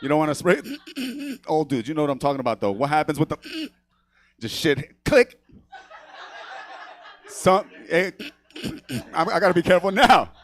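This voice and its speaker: A man's voice: on the high side, big pitch swings, normal speed. A man from New York who grew up speaking Spanish first, doing a brash, profane stand-up set on a comedy theater stage, laughing at his own jokes and asking "right?" after each line.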